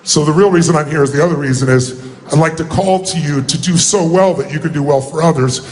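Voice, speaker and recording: A man with a fairly high-pitched voice tells a personal story from a stage. He talks in a heartfelt and emphatic way, pressing hard on the moments that matter to him. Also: quick pace, darkish tone, a little hiss or hum. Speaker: motivational speaker.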